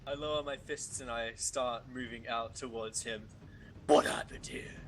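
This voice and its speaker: A man playing a tabletop game, stating his character's actions in calm, short sentences. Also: mid-range voice, moderate pace. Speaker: player.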